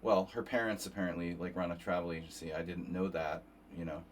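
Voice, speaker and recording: Rambling male chess streamer, low-pitched, tired and profane, loose casual talk. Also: flat delivery, brisk, a little hiss or hum. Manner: rambling and profane, many restarts.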